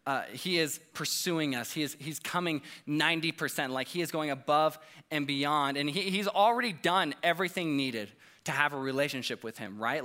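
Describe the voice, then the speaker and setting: A man's voice: a little high, bright, forceful tone. A man preaching a conversational sermon, earnest and casual, often tagging his points with "like" and "right?".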